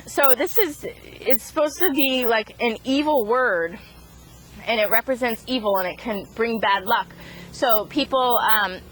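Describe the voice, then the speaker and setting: Woman, somewhat high voice, casual vlog talk, halting restarts, fillers. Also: a bit bright, poor audio. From Boston area. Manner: halting, many restarts and fillers, chuckles at herself. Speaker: chicken farm vlogger. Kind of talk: casual rambling monologue.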